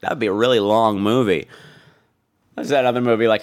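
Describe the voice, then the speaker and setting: A man hosting a podcast, giving a campy, profane and animated comedic film review. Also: lowish voice, fairly quick. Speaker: podcast host.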